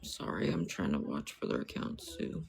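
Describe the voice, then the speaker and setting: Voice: a bass voice, huge pitch swings, normal speed, vocal fry, slightly rough. A livestreamer in casual talk who apologizes often, keeps repeating the same plea for money, and turns bitter and angry toward a rival. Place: indoors with dogs.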